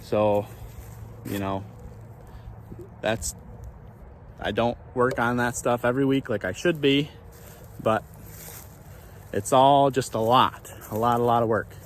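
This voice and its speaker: A man's voice: mid-range voice, slow, long pauses, a little hiss or hum. Man rambling while walking his pasture. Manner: thinks aloud, rambling with frequent restarts. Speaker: small farmer and channel host. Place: outdoors on a farm pasture.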